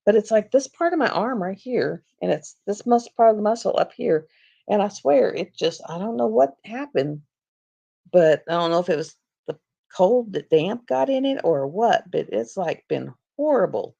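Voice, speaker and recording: Gravelly-voiced woman chatting on a stream. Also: medium pitch, animated, moderate pace, dark tone. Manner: chatty, storytelling, laughs often. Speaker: livestream host. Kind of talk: casual rambling chat. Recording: dull lo-fi stream audio.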